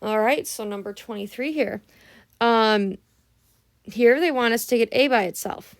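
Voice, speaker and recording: A woman's voice: on the high side, measured pace. A young adult woman teaching math in a casual, patient way, stopping often to ask whether everyone is following, and sounding tired this early in the morning. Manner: patient, explaining step by step with frequent "right?" checks.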